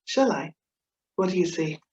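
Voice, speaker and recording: Scottish woman presenting a talk; chatty, giggly, playful asides; low-ish voice; echoey, dull video-call sound. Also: lively intonation, normal speed, darkish tone. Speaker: webinar speaker on Scots humour.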